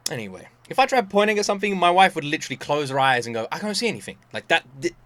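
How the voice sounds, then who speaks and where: A man's voice: a little high, sing-song, racing, bright, forceful tone. A man, telling stories animatedly and swearing freely as he hosts a casual reaction video.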